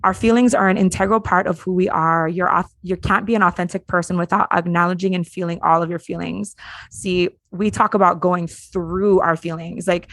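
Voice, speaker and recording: A woman's voice: fairly low pitch, fairly even intonation, normal speed, a bit bright, no room sound. A woman hosting a casual podcast chat, reading out list items and talking loosely with lots of "like". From Hawaii. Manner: chatty, reads list items aloud, frequent "like". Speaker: podcast host.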